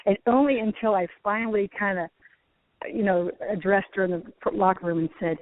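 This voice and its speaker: A woman's voice: medium pitch, normal speed, no echo. Middle-aged woman on a phone call, tinny and dry, chatty and laughing as she tells golf tour stories. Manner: lively, laughing while telling stories. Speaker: former tour golfer and golf teacher. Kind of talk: phone interview storytelling. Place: outdoors at a driving range.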